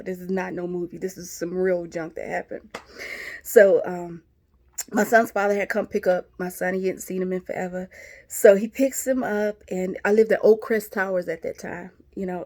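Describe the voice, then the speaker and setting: A woman's voice: fairly low pitch, a little mellow. A woman, casually telling her viewers a story, chatty and laughing as she talks. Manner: chatty, laughing, addresses viewers as y'all and sis. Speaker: vlogger.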